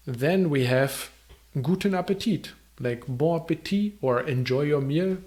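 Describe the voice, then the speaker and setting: A man teaching restaurant phrases in a casual lesson, repeating words slowly with many fillers. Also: mid-range voice. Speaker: German language teacher. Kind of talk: casual spoken language lesson.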